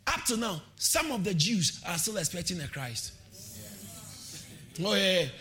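A lively male preacher delivers a sermon in a high, ringing voice. His pitch leaps around as he calls out to the congregation and repeats his points in a sing-song way. The tone is bright and forceful. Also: measured pace. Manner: repeats phrases, laughs between points.

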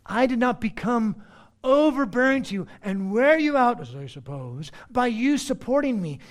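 The preacher's delivery is sing-song at a moderate pace, his pitch rising and falling sharply as he makes his points from the pulpit. Teaching verse by verse in an expository sermon, he switches between booming emphasis and quiet asides.

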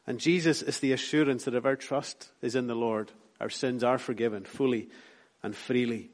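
A Scottish man preaches from the pulpit. He builds his points through repeated emphatic lines, then lets his voice fall soft and low. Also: steady tone, moderate pace. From Scotland. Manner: rhythmic, repetitive preaching with rising emphatic lines and soft drops. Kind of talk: sermon.

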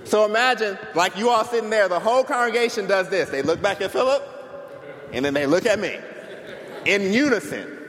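A male pastor preaching a sermon to a congregation, telling stories in an animated way and clapping as he talks. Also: sits high, brisk. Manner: animated storytelling, claps while preaching. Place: church sanctuary before a congregation. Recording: long hall reverb, faint noise.

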